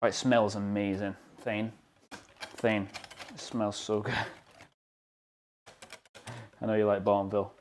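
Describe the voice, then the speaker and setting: A man's voice: fairly low pitch, level tone, normal speed, long pauses, a little hiss or hum. A young British man streaming live from his home kitchen, chatting casually and joking at his own expense while he bakes. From United Kingdom. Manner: chatty, joking, self-deprecating.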